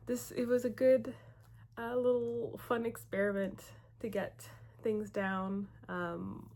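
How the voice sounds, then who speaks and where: A young woman talks casually through her writing plans in a vlog, her voice a little low. She takes her time, stopping often on fillers as she thinks aloud. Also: vocal fry. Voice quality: slight lisp from retainers. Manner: chatty, with frequent fillers and laughs. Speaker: writing vlogger. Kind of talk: casual chat.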